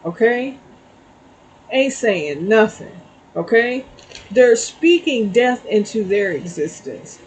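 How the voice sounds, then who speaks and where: A woman's voice: fairly high pitch, very animated, takes it slowly, slightly rough, rough recording. A middle-aged woman giving a casual spiritual tarot reading, telling a story and checking in with "okay?". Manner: chatty, storytelling, frequent "okay?" asides. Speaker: tarot reader.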